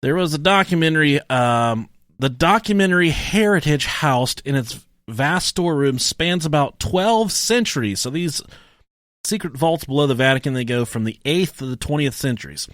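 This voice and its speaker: A man's voice: fairly high pitch, moderate pace, no room sound, studio quality. A man co-hosting a podcast in crude, casual banter, profane and joking as he tells stories. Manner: profane, joking, lively storytelling. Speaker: podcast co-host.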